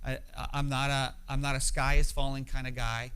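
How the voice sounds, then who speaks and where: Bright-voiced man preaching conversationally. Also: mid-range voice, little pitch movement, brisk, clear, resonant tone, low-quality recording. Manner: conversational, emphatic, frequent "right?" asides. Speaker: pastor. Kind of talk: sermon.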